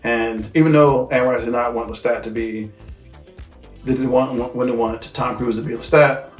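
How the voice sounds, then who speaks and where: A man talks through a film scene by scene in a relaxed, slangy way, with frequent swearing and fillers. His voice sits at a middle pitch. The room sounds echoey, and faint music plays underneath. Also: measured pace. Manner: loose, slangy, swears freely. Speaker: film reviewer. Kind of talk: casual film recap.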